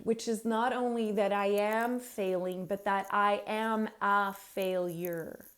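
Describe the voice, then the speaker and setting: A woman coaching parents in an earnest, pleading monologue, with emphatic pauses. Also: mid-range voice. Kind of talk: heartfelt advice monologue to parents.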